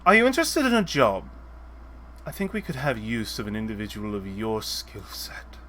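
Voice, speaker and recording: A man voicing a calm, gracious woman mage in a tabletop game, speaking slower and lower than his own voice. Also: a little hiss or hum.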